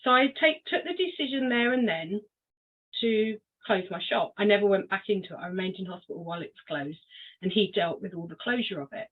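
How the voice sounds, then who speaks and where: A woman's voice: medium pitch, expressive. Older woman telling her story over a tinny line. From Cornwall, England. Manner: unhurried, reflective storytelling with frequent ums. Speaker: guest. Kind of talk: personal story in a podcast interview.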